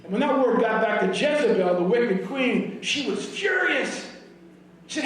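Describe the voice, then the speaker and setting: A man preaching a sermon in a high voice, animated and often shouting. The mic sits well away from him. His words ring around a very echoey church hall. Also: a little slow, recorded from a distance, a little hiss or hum. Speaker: pastor. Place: church sanctuary.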